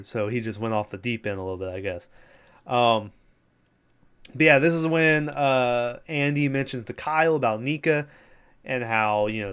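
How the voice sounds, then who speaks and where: A man's voice: mid-range voice, fairly bright tone, clean tone. A young man hosting a podcast, giving a casual, rambling recap of a TV show with plenty of fillers and swearing. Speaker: podcast host.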